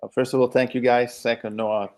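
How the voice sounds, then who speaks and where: Italian-accented male guest, gravelly tone, measured delivery with fillers. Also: medium pitch, flat delivery, a little mellow. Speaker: podcast guest and editor. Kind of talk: casual podcast chat.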